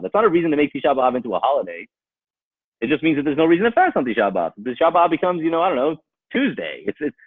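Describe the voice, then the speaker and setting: A man's voice: medium pitch, husky, no echo. A man speaking as a rabbi, giving a rhetorical talk that argues with imagined objections and builds to emphatic peaks. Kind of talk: animated Torah talk. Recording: tinny phone-like sound, dry.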